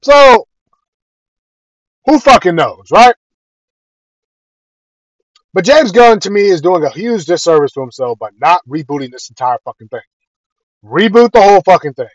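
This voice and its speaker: A man with a high voice rants straight at his viewers, blunt and full of swearing as he airs heated opinions. The recording is dry and close, with a slightly dull, lo-fi tone. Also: sing-song, normal speed, long pauses, dry recording. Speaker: video creator. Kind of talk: casual rant to camera.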